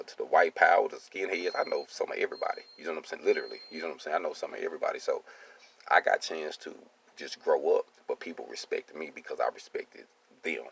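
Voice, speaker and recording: Very deep, gravelly-voiced man. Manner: streetwise, keeps asking "you see what I'm saying". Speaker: welding business owner. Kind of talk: casual personal monologue.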